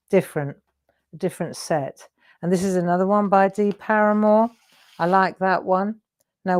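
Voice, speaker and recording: A woman's voice: on the low side, a little mellow. A middle-aged woman hosting a live craft demonstration, chatty and encouraging, often asking her viewers questions. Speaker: craft show host.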